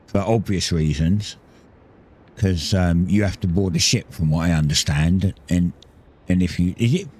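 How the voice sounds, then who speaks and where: A man's voice: low voice, a little mellow, husky. A man giving casual, rambling commentary while playing a building game, talking through each step and correcting himself often. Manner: rambling, self-correcting, explains building steps. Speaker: gaming streamer.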